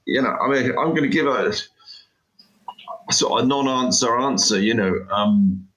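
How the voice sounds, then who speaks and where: A man's voice: mid-range voice, normal speed, a bit bright, poor audio. A middle-aged man, an interview guest who talks about his work in an emphatic, rambling way and says "you know" often. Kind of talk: casual interview chat.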